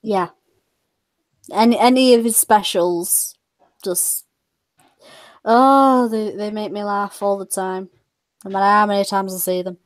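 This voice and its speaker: A woman's voice: mid-range voice, fairly even intonation, a little slow, long pauses, no echo. A British woman streamer telling stories in casual chat, rambling with many fillers and restarts. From Britain.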